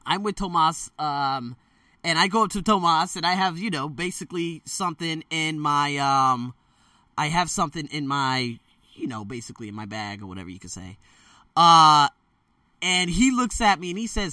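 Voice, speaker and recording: A man with a bright, slightly higher voice tells a rambling story straight to his viewers. He talks loosely, with lots of fillers and quick self-corrections, and slips into lively voices for the people he quotes. He sounds dry and a bit set back from the mic. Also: no room sound, far from the mic. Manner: animated, jumps into quoted voices. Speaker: storyteller vlogger. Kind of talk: casual spoken storytelling.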